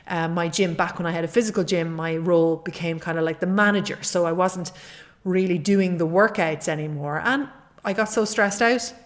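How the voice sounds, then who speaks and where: A middle-aged woman hosting a solo podcast as a fitness coach, talking in an earnest, encouraging way and often repeating her key points. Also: fairly low pitch.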